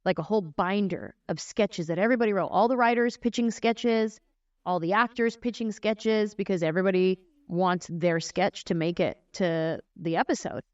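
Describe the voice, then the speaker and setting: A woman comedian in her forties tells stories on a podcast, lively and demonstrative, slipping into brief voices to show what she means. The recording is dry and a little muffled, with a slightly lo-fi sound. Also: medium pitch, moderate pace, no echo. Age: 40s. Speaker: guest comedian. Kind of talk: casual storytelling in a podcast interview.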